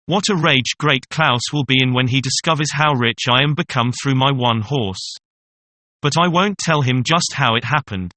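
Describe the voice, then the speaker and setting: A man's voice: medium pitch, normal speed, sharp tone, no echo, natural voice. A man reading the lines of a sly, clever male peasant in a storybook. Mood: pleased.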